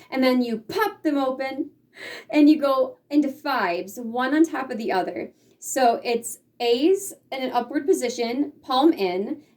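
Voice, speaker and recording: A woman with a fairly high voice explains things patiently, step by step, as a teacher would. She sometimes acts out the feelings she describes. Her voice is picked up from a little way off the mic. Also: a little mellow, recorded from a distance. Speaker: sign language teacher. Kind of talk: casual instruction.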